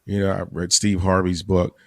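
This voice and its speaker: A man talking casually as a guest on a panel discussion, halting often and repeating words as he looks for them. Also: deep voice, level tone, darkish tone, no echo.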